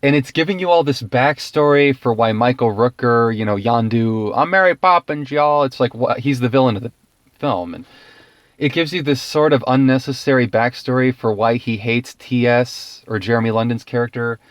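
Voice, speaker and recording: A man's voice: mid-range voice, normal speed, no echo. A man giving a casual, ranting film review, exasperated and profane, laughing often.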